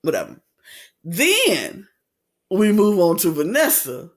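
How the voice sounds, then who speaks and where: A man co-hosting a podcast, chatting casually as he recaps a reality show and acts out quotes in lively voices. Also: takes it slowly. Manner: animated retelling, acts out quotes with big pitch swings. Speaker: podcast co-host.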